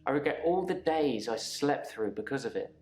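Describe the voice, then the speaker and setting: An actor playing a subdued, regretful patient in a video game, with acted dialogue. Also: male voice, mid-range voice, lively intonation, normal speed, darkish tone, roomy sound, lightly acted.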